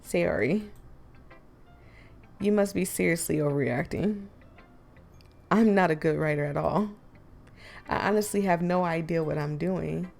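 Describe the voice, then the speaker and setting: A woman's voice: lowish voice, unhurried, gravelly, long pauses, a little mellow. A woman narrating a visual novel playthrough with wry, teasing asides. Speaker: gaming YouTuber.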